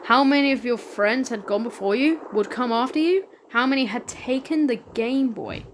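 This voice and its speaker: A woman with a somewhat high voice hosts a let's play, reading a text game aloud and breaking off for excited, casual asides. Her throat is sore, and steady background noise sits under the recording. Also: normal speed. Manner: casual, excitable, reads dialogue with feeling.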